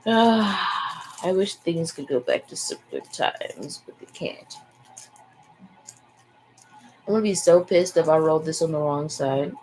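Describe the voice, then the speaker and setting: This young woman vlogs in loose, rambling casual talk, candid and full of sighs and swearing. Her voice sits low and warm at a normal speed, captured in a low-quality recording with faint background noise.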